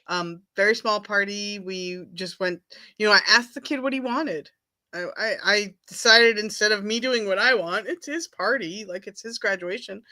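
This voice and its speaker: A woman's voice: medium pitch, normal speed, bright, forceful tone. A woman co-hosting a casual chat show, talking in a chatty, giggly way. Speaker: podcast co-host.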